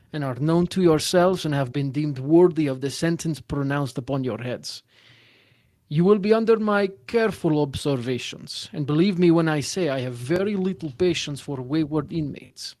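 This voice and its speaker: A stern Aasimar prison warden, put on by a game master, lays down the rules in a cold, formal, threatening voice. He sits a little high and carries it with clipped menace, in a dry, close sound. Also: dry recording, natural voice.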